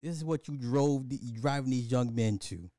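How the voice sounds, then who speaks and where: A man's voice: medium pitch, moderate pace, warm tone, dry recording, studio quality. A man hosting a casual livestream, ranting profanely and animatedly, laughing and talking to his chat. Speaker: livestream host.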